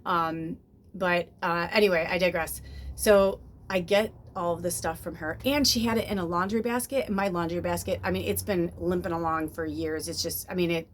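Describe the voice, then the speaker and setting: Woman, 50s, home vlogger; low-leaning voice, loose rambling chat, faint room noise. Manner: chatty, rambling, swears casually, many fillers. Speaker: spiritual medium and channel host. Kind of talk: casual chat to camera.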